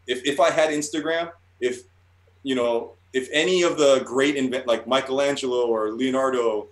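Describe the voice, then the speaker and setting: A man's voice: medium pitch, steady tone, moderate pace. Rambling, profane man in a roomy space. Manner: rambling, profane, with many restarts. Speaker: guest artist. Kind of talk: casual interview talk. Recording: roomy echo.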